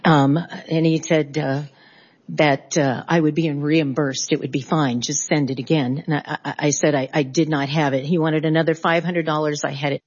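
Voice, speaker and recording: A middle-aged woman from California speaks as a witness at a hearing, her voice sitting low. She talks haltingly and pauses to restart her sentences. The recording sounds dull and lo-fi. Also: steady tone, breathy edge. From California, USA. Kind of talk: spoken testimony.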